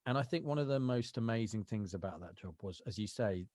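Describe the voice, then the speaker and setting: A man's voice: lowish voice, animated, fairly quick, a little mellow, dry recording, clean studio sound. A man, an actor telling rambling anecdotes as a podcast guest. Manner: rambling anecdotal storytelling, lots of fillers. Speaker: actor and voiceover artist, guest. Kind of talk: casual interview chat.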